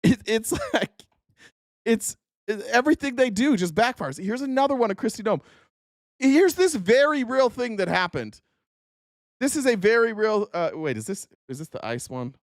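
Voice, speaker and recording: A man's voice: high voice, big pitch swings, moderate pace, no room sound, studio quality. A man hosting a podcast, giving sarcastic, mocking political commentary on video clips. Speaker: podcast host.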